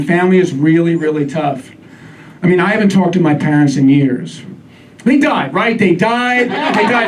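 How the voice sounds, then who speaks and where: A man doing a stand-up comedy set on a club stage, wry with deadpan asides. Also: high voice. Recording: distant mic, live crowd laughter.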